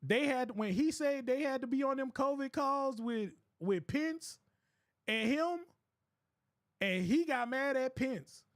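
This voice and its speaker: Rambling man, high voice. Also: slow, dry recording, studio quality. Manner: rambling, profane, laughing often. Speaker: streamer. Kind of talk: casual storytelling.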